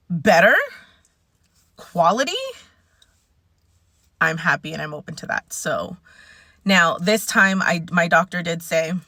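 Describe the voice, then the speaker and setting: A woman's voice: on the low side, sharp tone, no room sound, clean studio sound. A woman in her forties talking in a casual, rambling and candid vlog rant. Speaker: vlogger.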